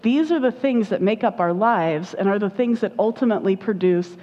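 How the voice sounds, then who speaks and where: A woman's voice: medium pitch, brisk, dark tone. Woman preaching in a reverberant hall. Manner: chatty, often checks in with "right?". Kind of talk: conversational sermon. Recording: dull lo-fi sound with long hall reverb.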